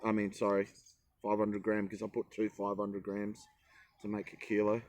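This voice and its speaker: Rambling, jokey man with a low voice. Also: monotone, moderate pace, darkish tone. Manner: rambling, self-mocking, jokey. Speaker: travel vlogger. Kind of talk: casual chatty vlog. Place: outdoors in a forest.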